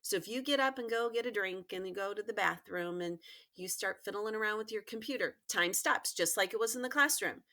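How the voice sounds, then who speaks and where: Woman teacher, recorded lesson for kids, bright, emphatic, repeats key points. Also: mid-range voice, a little fast. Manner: emphatic, repetitive, encouraging. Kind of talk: recorded remote lesson for pupils.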